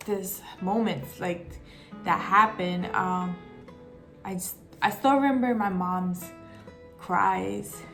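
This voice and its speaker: A young woman tells a painful personal story to her camera, her voice catching as she holds back tears. She talks in halting bursts, full of fillers and restarts, at a middling pitch, with faint guitar music under her. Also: a bit bright. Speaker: vlogger.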